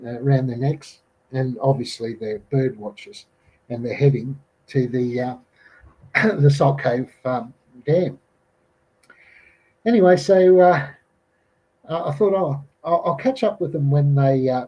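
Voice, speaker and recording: A man's voice: mid-range voice, dark tone, breathy edge, poor audio. A middle-aged Australian man telling a bush camping story in casual fashion, full of fillers and restarts. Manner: rambling, many fillers and restarts, quotes people in raised voices. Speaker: podcast guest recounting an encounter.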